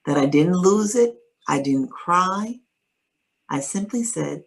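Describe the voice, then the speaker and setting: A woman, a guest in an interview, calmly and reflectively retelling a personal story. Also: lowish voice, slow pace, slightly rough, rough recording.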